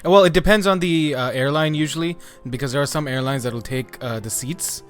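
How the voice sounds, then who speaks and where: A man's voice: a little high, fairly quick, faint music behind. A man hosting a casual podcast chat, upbeat and often hesitant, with frequent ums and uhs. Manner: upbeat, hesitant with many fillers. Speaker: podcast host.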